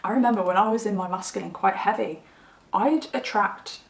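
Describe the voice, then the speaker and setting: A young woman giving a casual tarot reading to camera, rambling and animated as she tells stories. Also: medium pitch, a little fast, vocal fry. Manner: chatty, rambling, animated storytelling. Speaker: tarot reader. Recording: roomy, slightly distant mic.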